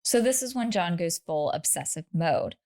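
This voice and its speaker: A woman's voice: lowish voice, lively intonation, moderate pace, darkish tone. A woman co-hosting a podcast, telling a true story in casual chat with laughing asides and lots of "like".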